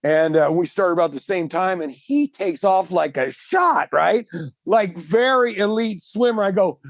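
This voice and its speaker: A man, a marathon swimmer and guest, telling his story in casual chat, animated and emphatic, laughing often. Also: high-pitched, normal speed, dry recording.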